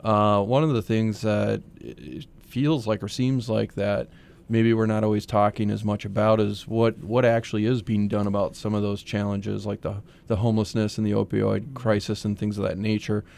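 A middle-aged man with a low, gravelly voice answers as a radio guest. He speaks in a measured, thoughtful way and pauses over his words. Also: flat delivery, a little mellow. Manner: measured, thoughtful, many fillers. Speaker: city manager, guest. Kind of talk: casual interview talk.

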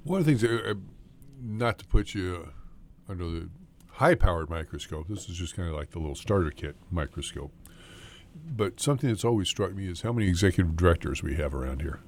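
Man, middle-aged, morning radio host, low voice, gravelly, teasing, laughs a lot. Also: expressive, fairly quick, a little hiss or hum. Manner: joking, teasing, laughs often. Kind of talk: casual on-air interview.

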